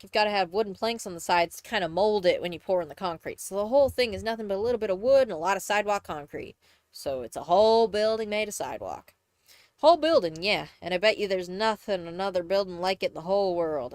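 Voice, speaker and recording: A young woman from Texas, USA, speaks at a medium pitch with no echo, her accent a blend of Southern and Midwestern. She chats casually on a live stream and reads aloud, rambling and correcting herself along the way.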